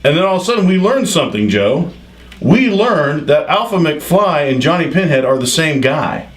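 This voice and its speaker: A man's voice: fairly high pitch, sing-song, moderate pace, rough recording. A man hosting a wrestling recap show, with announcer-style hype. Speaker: show host.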